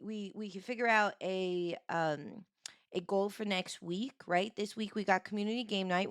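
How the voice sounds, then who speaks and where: A woman streamer with a sore, hoarse voice, greeting chat viewers one by one and chatting casually on a live stream. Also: medium pitch, a bit bright, dry recording, clean studio sound.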